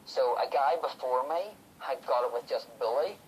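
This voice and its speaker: A man's voice: mid-range voice, lively intonation, normal speed, slight background noise, poor audio. A man from the UK hosting a podcast, chatting casually and acting out what people said. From United Kingdom. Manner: chatty storyteller, acts out quotes. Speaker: podcast host. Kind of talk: casual chat.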